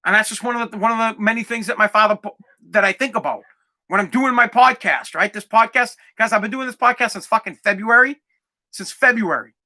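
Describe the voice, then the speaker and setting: Man, 40s, solo podcast host; high, piercing voice, emphatic and foul-mouthed. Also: fairly quick, pushed and bright. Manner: emphatic, profane and fired-up.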